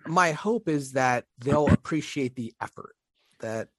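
A man's voice: medium pitch, lively intonation, measured pace, a bit bright, no room sound. A man co-hosting a podcast, casual and self-deprecating, rambling with frequent laughs. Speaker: podcast co-host. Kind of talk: casual chat.

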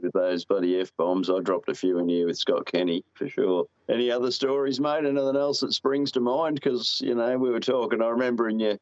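A man's voice: medium pitch, steady tone, a little fast, hardly any pauses, no echo, highs cut off. A man with an Australian accent hosting a casual chat, laid-back and swearing freely. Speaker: podcast host.

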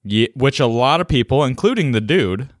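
A man's voice: medium pitch, lively intonation, moderate pace, no echo, clean studio sound. A man co-hosting a podcast, chatting casually and joking with frequent laughs. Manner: jokey, laughs easily. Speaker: podcast co-host. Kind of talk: casual chat.

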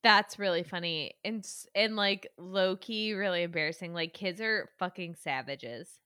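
A young woman in her twenties in casual chat, reacting quickly with laughs and blunt asides. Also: fairly low pitch, pushed and bright, clean tone, no echo, clean studio sound. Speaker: podcast co-host.

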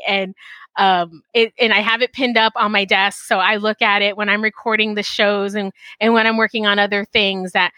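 A woman hosting a podcast in casual chat, animated and full of fillers, acting out her own quotes, speaking into a headset mic. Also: medium pitch, no room sound. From Texas. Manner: chatty, animated, many fillers and acted-out quotes. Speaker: podcast host. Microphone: call center headset.

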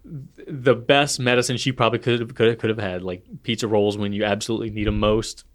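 A man's voice: lowish voice, steady tone, fast. A man co-hosting a podcast, telling playful stories in casual chat with lots of "like" fillers. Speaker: podcast co-host.

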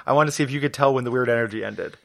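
A man's voice: medium pitch, racing, vocal fry, fairly bright tone, no echo, clean studio sound. A man co-hosting a podcast in casual chat, tired and goofy, now and then breaking into silly singing. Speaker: podcast co-host.

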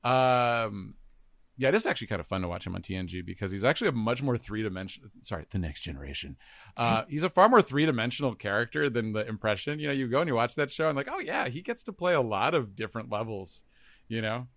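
A man's voice: medium pitch, sing-song, quick pace, fairly bright tone, no room sound. A man chatting on a podcast in a reflective way, laughing often and trailing off. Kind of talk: casual podcast chat.

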